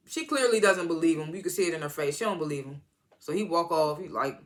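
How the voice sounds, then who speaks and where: A TV show reviewer gives a casual, slangy, rambling recap of an episode, acting out quotes as he goes. His slightly high voice is animated, quick and fairly bright.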